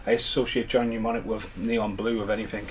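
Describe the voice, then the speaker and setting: A man's voice: fairly low pitch, flat delivery, fast talker, a little hiss or hum. Man chatting through an unboxing. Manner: chatty, rambling, enthusiastic. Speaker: home media collector vlogger. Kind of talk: casual unboxing chat. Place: at home.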